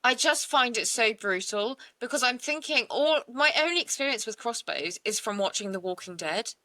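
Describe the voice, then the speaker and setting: A woman co-hosting a true-crime podcast, with a bright, fairly high voice that rises and falls a lot. She sounds anxious and indignant and swears freely, recorded close and dry. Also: lively intonation, normal speed, dry recording. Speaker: podcast co-host. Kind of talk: casual true-crime chat.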